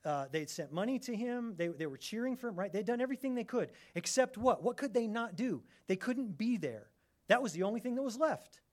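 Animated man preaching a sermon. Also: high voice, a little fast. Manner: animated, conversational preaching with repeated restarts. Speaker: pastor.

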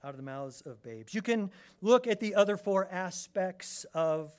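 A middle-aged man preaching a sermon, animated and conversational, often restarting his phrases. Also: high-pitched, normal speed. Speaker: pastor.

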